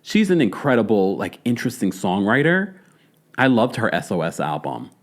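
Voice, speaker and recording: A man's voice: fairly low pitch, big pitch swings, normal speed. A man with a Jamaican accent in casual, playful commentary, chatting to viewers with laughs and asides. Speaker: celebrity news commentator. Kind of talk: casual chat.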